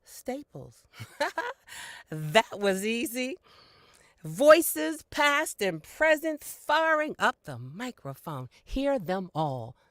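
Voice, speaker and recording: A woman's voice: big pitch swings, drawn-out words, dry recording, studio quality. A woman voice-over contestant from Canada reading a string of commercial tags with playful, dramatic delivery. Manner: playful, dramatic delivery with big pitch swings.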